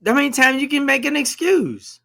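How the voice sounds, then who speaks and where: A man with a high, gravelly voice co-hosts a relaxed conversation. He speaks in a preachy, emphatic way and likes to ask leading questions. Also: brisk. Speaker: podcast co-host. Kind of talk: casual conversation.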